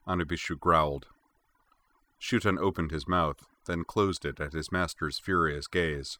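Brief: male narrator with a deep, dry, close-mic read. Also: steady tone, measured pace, bright, forceful tone, dry recording. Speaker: audiobook narrator. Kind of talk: scripted narration.

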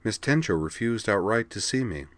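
A man's voice: fairly low pitch, expressive, normal speed, a bit bright, no echo, pitched above the performer's own voice. A man voicing a polite, formal woman counselor who asks probing questions, in a read-aloud story. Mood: prim. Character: prim adult woman school counselor, prying and easily flustered. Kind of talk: audiobook character reading.

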